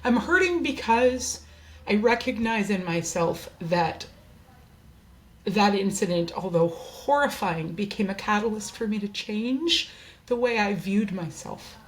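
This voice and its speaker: A woman's voice: medium pitch, expressive, unhurried. A woman hosting a candid personal monologue from her desk, speaking in an earnest, open and heartfelt way. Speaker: host.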